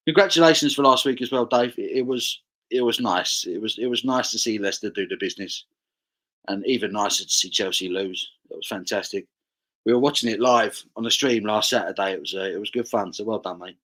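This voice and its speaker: A man's voice: lowish voice, fairly quick, a bit bright, rough recording. A man hosting a casual beer livestream, reading out viewer comments and chatting about them. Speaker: livestream host.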